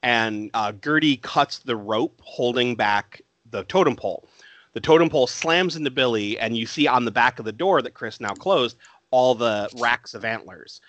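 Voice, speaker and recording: A man's voice: mid-range voice, normal speed, a bit bright, no echo. A man co-hosting a casual film chat, recapping scenes and laughing often.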